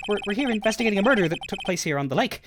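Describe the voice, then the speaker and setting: A man's voice: high-pitched, expressive, racing, background noise, pitched above the performer's own voice. A man voicing an earnest young male lawyer, a bit flustered, in a game playthrough.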